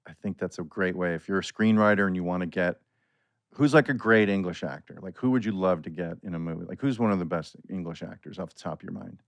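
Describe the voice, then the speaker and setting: A middle-aged man, a comedic actor, talking relaxed and at length as a podcast guest. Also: low voice, fast talker, gravelly, no echo. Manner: relaxed, explains at length with many "like" fillers. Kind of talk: casual chat.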